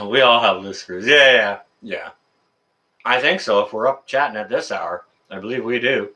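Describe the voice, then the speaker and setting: A man hosting a live stream, chatting casually with viewers in a rambling, excitable, jokey way. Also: mid-range voice. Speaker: livestream host answering chat.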